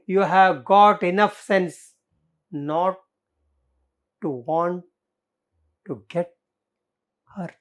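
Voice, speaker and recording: A woman with an Indian English accent reading the part of a calm, witty man in his thirties who answers threats coolly. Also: medium pitch. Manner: calm, unhurried, dry.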